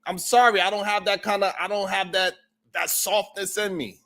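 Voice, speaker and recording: A man's voice: high-pitched, little pitch movement, normal speed, pushed and bright. A man hosting a live-stream show, chatting casually with viewers in a loose, profane, joking way and laughing often.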